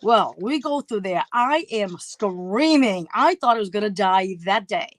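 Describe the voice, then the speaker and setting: A woman's voice: mid-range voice, expressive, unhurried, no room sound. A middle-aged woman telling a story on a casual livestream chat, acting out her own past voices. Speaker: co-host.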